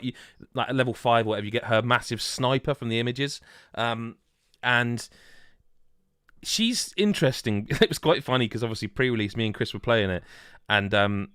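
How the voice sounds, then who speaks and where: A man's voice: on the low side, clean tone, dry recording, clean studio sound. A man co-hosting a gaming podcast, chatting casually and laughing as he tells stories. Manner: animated, laughs while telling stories. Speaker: podcast co-host. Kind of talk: casual chat.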